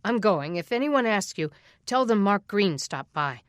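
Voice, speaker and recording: A woman's voice: mid-range voice, expressive, unhurried, dry recording, clean studio sound, close to an everyday voice. A woman voicing a polite young male visitor who speaks plainly. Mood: hurried.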